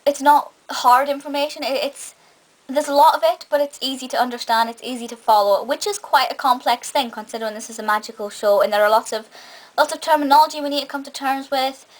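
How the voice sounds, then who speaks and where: Her voice sits high and moves fairly quickly as this young reviewer of film and TV enthusiastically chats about a TV episode. She often begins sentences again, and the audio is poor.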